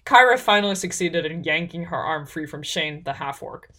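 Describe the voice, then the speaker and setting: A woman narrating a fantasy story in a measured reading voice. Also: sits low, animated, pushed and bright.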